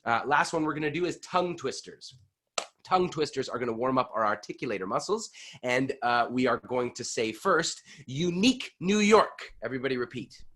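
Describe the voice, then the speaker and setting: A man leads an online voice workshop, coaching breathing and tongue twisters over a video call. His voice sits at an ordinary middle pitch. He talks with plenty of energy and belts out the demonstrations. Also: animated, fairly quick, a bit bright.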